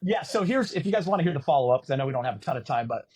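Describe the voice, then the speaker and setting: A middle-aged man telling a story as a podcast guest in a casual, animated way, cursing and poking fun at himself. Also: mid-range voice, racing, breathy edge. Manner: animated, profane, self-mocking. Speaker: podcast guest, former volleyball player and announcer.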